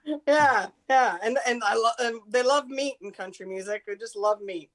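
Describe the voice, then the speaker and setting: A woman's voice: a little high, moderate pace. A woman, a radio host appearing as a guest, chatting casually and telling stories with flair. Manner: animated storyteller, acts out quotes. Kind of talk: casual chat.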